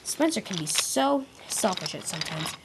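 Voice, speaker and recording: A woman's voice: fairly low pitch, very animated, normal speed, very noisy. A woman narrating a homemade toy-train story in a casual way, with slips and restarts.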